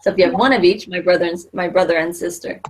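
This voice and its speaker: A woman's voice: on the low side, fairly even intonation, rapid-fire, background noise. A middle-aged woman teaching a Spanish class, explaining patiently with many fillers and restarts.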